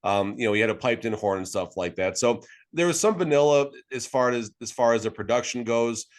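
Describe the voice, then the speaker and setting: A man's voice: mid-range voice, a little fast. A man co-hosting a sports podcast, talking in a rambling, joking, conversational way. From Las Vegas. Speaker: podcast co-host. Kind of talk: casual sports podcast chat.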